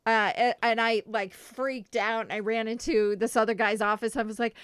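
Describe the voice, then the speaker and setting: A middle-aged woman, a podcast guest in casual chat, gushing and expressive as she tells stories and swears casually. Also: on the high side, normal speed, clear, resonant tone, no echo, studio quality.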